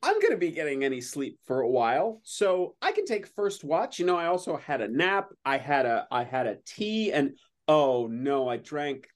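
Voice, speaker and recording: A man's voice: a little high, very animated, normal speed. A man playing a tabletop horror game, rambling hesitantly with many fillers. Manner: hesitant, lots of fillers and restarts. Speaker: player. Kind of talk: casual tabletop play, often in character.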